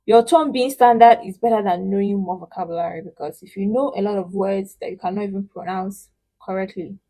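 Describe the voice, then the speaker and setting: A woman's voice: medium pitch, husky, low-quality recording. A woman teaching a spoken Chinese lesson in English, patiently explaining and modeling sounds with emphasis. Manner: patient, emphatic, models syllables slowly and loudly. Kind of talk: online language lesson.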